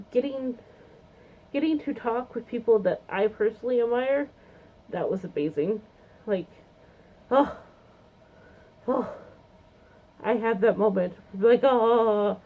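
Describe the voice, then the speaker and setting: A woman chatting casually to camera in a bubbly, gushing, rambling way with many ums and giggles. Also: a little high. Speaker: vlogger reviewing a convention. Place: home, seated in a chair. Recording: lo-fi phone-like sound.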